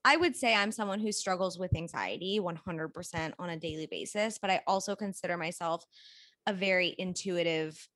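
A woman's voice: fairly low pitch, moderate pace, dry recording. Candid, swearing woman podcast co-host. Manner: candid, animated storytelling with frequent swearing. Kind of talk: casual conversation.

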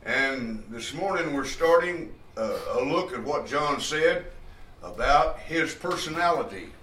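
A man preaching an expository Bible lesson, slow and deliberate, with frequent pauses and fillers. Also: a little high, lively intonation, pushed and bright, a little hiss or hum. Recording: echoey room picked up from a distance.

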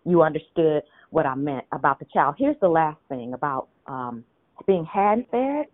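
A woman leading a group call, giving spiritual teaching in a measured, teacherly way with rhetorical questions. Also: sits low, sing-song, no echo. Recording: tinny phone line.

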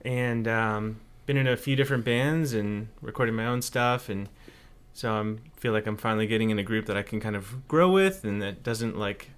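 A man's voice: on the low side, normal speed, clear, resonant tone. Young man, band guest, loose casual interview talk, jokey. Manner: playful, slips into joke accents. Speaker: band member, new guitarist.

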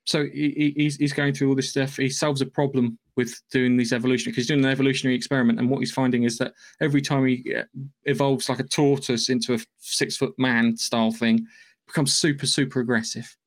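A man talks through a film's story on a podcast, rambling and casual. He swears freely as he goes, and his voice sits at an ordinary middle pitch. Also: level tone, quick pace. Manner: rambling, loose and profane storytelling. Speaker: podcast host. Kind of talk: casual podcast plot recap.

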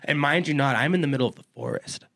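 A man telling a wild story in casual chat, profane and animated, swearing freely. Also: fairly high pitch, fast talker, vocal fry. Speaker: podcast guest.

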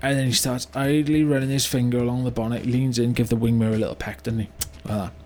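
An actor playing a remorseful older British business owner in a comedy monologue, with a rambling delivery full of "you know" and "right?". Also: male voice, medium pitch, flat delivery, quick pace, a little mellow, lightly acted. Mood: rueful. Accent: British English. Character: remorseful older male car yard owner, blunt. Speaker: business owner telling a story. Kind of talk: mock-documentary comedy monologue.

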